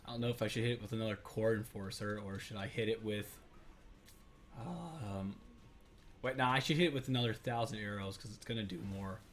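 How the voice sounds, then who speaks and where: A man's voice: on the low side, brisk. Rambling man narrating his gameplay. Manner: rambling, self-correcting, many fillers. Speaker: let's play host. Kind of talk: casual gameplay commentary.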